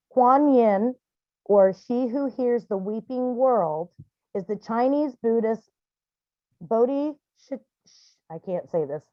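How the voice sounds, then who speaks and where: A woman talks casually to her healing group on a video call, candid and chatty, often restarting her sentences. Her voice sits at a middle pitch. The call audio is dry and a little muffled. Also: no echo.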